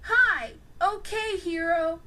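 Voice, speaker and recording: Storybook villain: a woman voicing a taunting man, mocking, high and lively. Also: slow pace, heavily acted.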